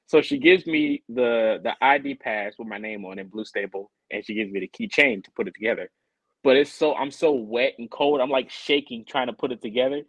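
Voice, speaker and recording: Animated man telling a story, dry mic. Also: a little fast, no room sound, poor audio. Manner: animated, acts out quoted people in higher voices. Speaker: podcast co-host. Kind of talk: casual podcast storytelling.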